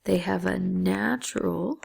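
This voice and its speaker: A Spanish teacher patiently works through grammar rules one step at a time, dropping to a whisper on key syllables. She has a deeply gravelly, dark voice and speaks slowly, never rushing.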